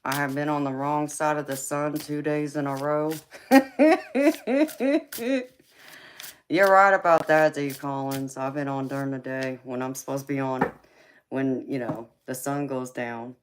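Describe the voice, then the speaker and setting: A woman's voice: low voice, measured pace, pauses often. A woman with a Southern drawl, chatting casually with viewers while she reads tarot cards on a live stream. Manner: laid-back, chatty, reads cards aloud and greets viewers. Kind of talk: casual live-stream chat and card reading. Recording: loud background noise.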